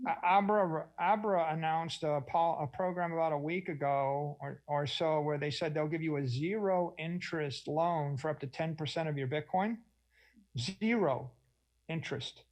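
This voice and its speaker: Middle-aged man, fairly high voice, expansive and eager panel speaker. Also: fairly even intonation, normal speed, hardly any pauses, darkish tone, rough recording. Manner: enthusiastic, expansive, acts out quoted voices. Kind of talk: conference panel discussion.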